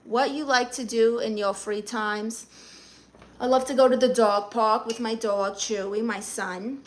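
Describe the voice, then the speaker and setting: A woman's voice: a little high, fairly even intonation, a little slow. A woman with a Brooklyn accent, chatting casually on a live stream and reading out viewer comments in a sassy, brash way. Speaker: livestreamer.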